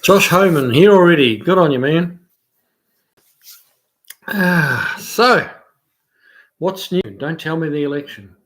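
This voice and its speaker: Relaxed new zealand bloke on a livestream, chatty, lots of ums and uhs, voice sits a bit high. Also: male voice, slow, long pauses. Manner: easygoing, laughs often, hesitant with fillers. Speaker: livestream host. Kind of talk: casual live chat, reading out viewer comments.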